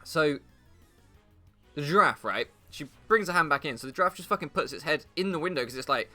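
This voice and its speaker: A man rambles comically as he plays a video game, and his swearing, jumpy delivery rises and falls all over the place. His voice has a bright, cutting edge. Faint game music plays underneath. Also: fairly high pitch, brisk. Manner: animated, swearing, laughing at his own jokes. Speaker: gaming YouTuber. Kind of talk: rambling comedic commentary over gameplay.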